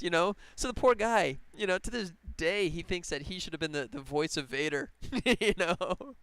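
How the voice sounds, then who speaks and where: A man's voice: high voice, moderate pace, hardly any pauses, a bit bright, smooth, no room sound. A man game developer chatting casually on a live stream while he works, rambling and laughing often. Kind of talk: casual livestream chat while working.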